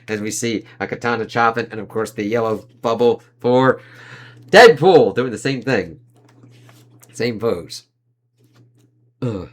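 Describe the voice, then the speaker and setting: A man talks through a comic book in a loose, casual review, his pitch sitting in a plain middle range. He reads the panel dialogue aloud with playful put-on voices, laughs easily, and swears in an offhand way. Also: expressive, moderate pace, a bit bright.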